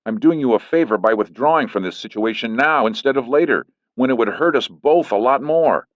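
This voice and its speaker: A man's voice: medium pitch, expressive, fairly quick, no echo, pitched above the performer's own voice, lightly acted. A man voicing a firm, defensive leading man. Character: firm middle-aged man, a lawyer. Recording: dull lo-fi recording.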